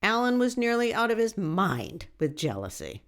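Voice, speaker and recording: Woman reading a memoir out loud, low gravelly voice, wry, swoops up and down a lot. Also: sing-song, moderate pace. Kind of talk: reading a memoir in first person.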